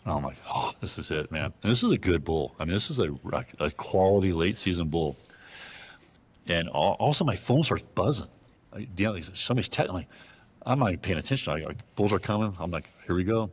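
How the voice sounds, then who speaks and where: A man telling a hunting story in a casual interview, animated and profane, acting out the voices of the people in it. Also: sits low, fast talker, husky. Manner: animated, profane, acts out dialogue in his stories. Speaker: guest.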